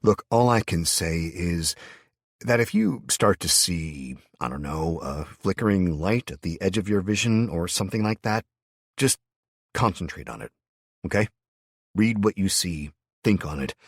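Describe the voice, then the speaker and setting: A man's voice: low-pitched, lively intonation, normal speed, husky, no room sound, clean studio sound, heavily acted. A man voicing the young hero of an audiobook, who speaks in a wry, reassuring way.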